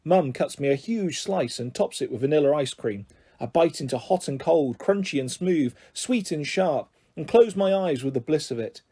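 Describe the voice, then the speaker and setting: A man reads a children's novel aloud with a gentle, expressive storytelling manner. His voice sits high for a man, mellow and warm, with a soft, breathy huskiness throughout. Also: normal speed. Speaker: audiobook reader.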